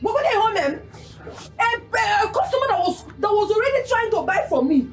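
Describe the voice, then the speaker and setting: A woman's voice: very high voice, very animated, moderate pace, faint music behind. An actress with a Nigerian accent playing an angry market trader who accuses her neighbour in a quarrel. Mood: accusing. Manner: quarrelsome, accusing, switches between Igbo and English.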